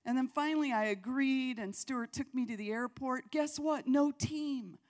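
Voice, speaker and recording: Animated woman preaching a sermon. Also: normal speed. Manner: animated, acts out prayers and dialogue with big swings in pitch and loudness. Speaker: pastor.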